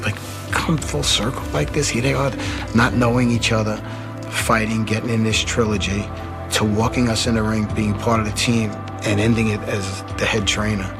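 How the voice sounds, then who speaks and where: A man's voice: on the low side, little pitch movement, moderate pace, over music. A man who managed a boxer, recalling him fondly and reflectively in an interview and retelling old phone calls. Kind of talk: casual interview recollection.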